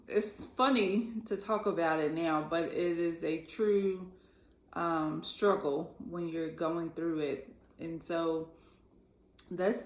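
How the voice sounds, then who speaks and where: Woman co-host, lower voice, earnest and easy laughter, boomy roomy sound. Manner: earnest, laughs easily, talks straight to listeners. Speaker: podcast co-host. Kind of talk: casual chat about relationships. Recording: echoey room.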